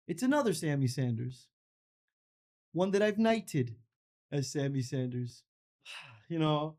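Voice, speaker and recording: A man hosting a comedy podcast and telling stories in a profane, ranting monologue that builds to shouts. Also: fairly high pitch. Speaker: podcast host.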